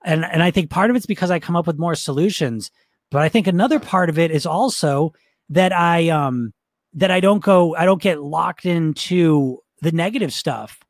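A man's voice: fairly high pitch, moderate pace, no echo, studio quality. Man coaching in a casual, repetitive way. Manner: casual, repeats words, frequent fillers. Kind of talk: motivational teaching talk.

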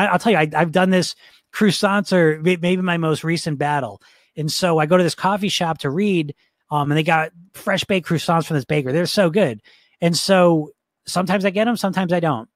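A man teaching like a coach, talking casually, often repeating his words and filling pauses. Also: fairly high pitch, dry recording, clean studio sound. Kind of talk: motivational teaching talk.

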